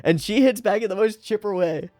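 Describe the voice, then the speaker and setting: A man's voice: high-pitched, brisk, a little mellow, no echo, faint music behind. A man hosting an anime reaction video, talking casually and animatedly, often laughing and swearing as he comments.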